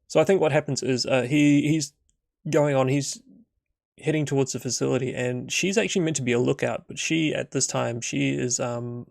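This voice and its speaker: A man's voice: medium pitch, moderate pace, creaky, a little mellow, no echo, clean studio sound. A young adult man narrating a solo tabletop role-playing session as game master, rambling with many fillers.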